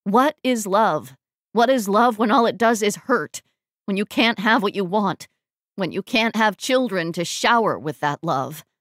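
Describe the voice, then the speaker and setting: A woman voicing a heartbroken, bitter young woman with a choked, hoarse delivery in an audiobook. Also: medium pitch, measured pace, no echo, clean studio sound, natural voice.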